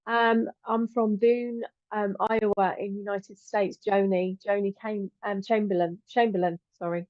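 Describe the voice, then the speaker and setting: A woman's voice: medium pitch, level tone, a little slow, no echo, muffled recording. A middle-aged woman hosting a live stream, chatting affectionately as she greets viewers and calls them "my lovely". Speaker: host and angel teacher.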